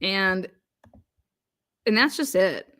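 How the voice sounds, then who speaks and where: A woman's voice: mid-range voice, lively intonation, very slow, sharp tone. A woman from Ohio hosting a live stream, ranting angrily with profanity and frequent restarts, and reading viewer comments aloud. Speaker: livestream host.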